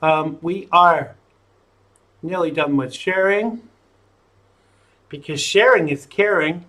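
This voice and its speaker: A man's voice: on the high side, slow, pushed and bright. A man hosting a live-streamed talk show, chatting in a playful, jokey way as he sets up the broadcast. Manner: playful, jokey, self-amused.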